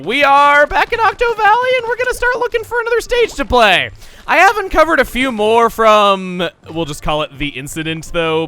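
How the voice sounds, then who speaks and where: A man's voice: sits high, pushed and bright. A man hosting a gaming video, chatting playfully and mocking himself as he plays. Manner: playful, self-mocking, chatty while playing. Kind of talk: let's play commentary.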